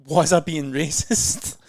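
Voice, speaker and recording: A man's voice: fairly high pitch, very slow, gravelly, darkish tone, no room sound, studio quality. A man co-hosting a podcast, telling rambling, self-deprecating stories in casual chat. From Scotland. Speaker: podcast co-host.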